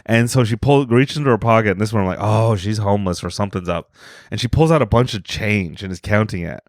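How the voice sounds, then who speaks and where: A man's voice: lowish voice, fast, no echo, studio quality. A young man co-hosting a comedy podcast, telling a rambling story with many restarts and acted-out quotes. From Hispanic heritage. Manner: rambling, restarts often, acts out quoted voices. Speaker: podcast co-host.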